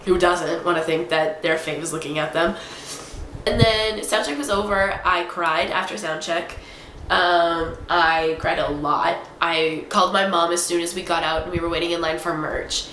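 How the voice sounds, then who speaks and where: A young adult woman vlogging, rambling excitedly in a casual chatty recap full of fillers. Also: on the low side, normal speed, a little hiss or hum. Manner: excitable, rambling fangirl storytelling with many fillers. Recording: roomy echo.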